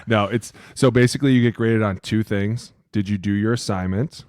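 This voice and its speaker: Male ex-lineman podcast host, swearing storyteller, lower pitch, dry mic. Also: moderate pace, no echo. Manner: animated, profane storytelling. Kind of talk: casual sports chat.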